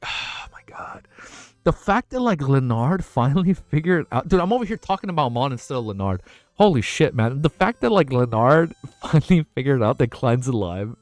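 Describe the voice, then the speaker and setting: A young man streaming live and chatting casually with his viewers. He rambles excitedly, swears, laughs often and says he is overwhelmed and lightheaded. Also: mid-range voice, no echo. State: overexcited and lightheaded. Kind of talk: excited casual livestream chat.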